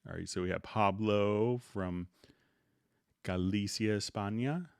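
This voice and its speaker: A middle-aged man hosting a live software tutorial stream in a relaxed, unhurried way, greeting viewers by name before he demonstrates. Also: fairly low pitch, vocal fry, smooth, no echo, clean studio sound.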